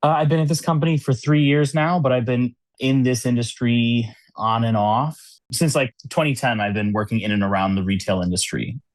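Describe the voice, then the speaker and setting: A man's voice: medium pitch, fairly even intonation, normal speed, no room sound. A man who is a podcast guest, talking casually, with many "like" and "you know" fillers and frequent laughs. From United States. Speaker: podcast guest, cube designer. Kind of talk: casual conversational interview. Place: New York City.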